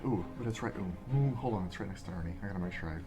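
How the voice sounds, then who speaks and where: A man's voice: low-pitched, rapid-fire, over music. A man playing a tabletop game who thinks aloud, hesitant while planning his turn. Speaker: player.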